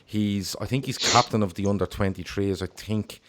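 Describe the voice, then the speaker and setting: A man's voice: on the low side, steady tone, moderate pace, noisy background. A man hosting a casual football podcast, talking animatedly and reading out viewer comments. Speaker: podcast host.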